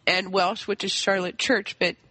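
A man's voice: sits high, little pitch movement, moderate pace, bright, forceful tone, dry recording. A man co-hosting a podcast, wryly reading out the rules of a game round. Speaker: podcast co-host.

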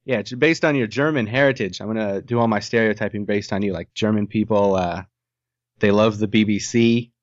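A man's voice: on the low side, a little fast, no echo. Joking podcast man with a dull sound. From Ohio, US. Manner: rambling, jokey, swears casually. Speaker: podcast co-host. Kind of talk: casual chat.

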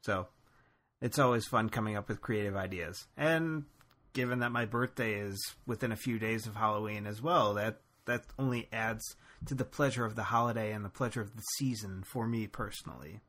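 A man's voice: on the low side, normal speed, a bit bright. A man co-hosting a casual podcast, easygoing, telling wry anecdotes. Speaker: podcast co-host. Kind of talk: casual chat.

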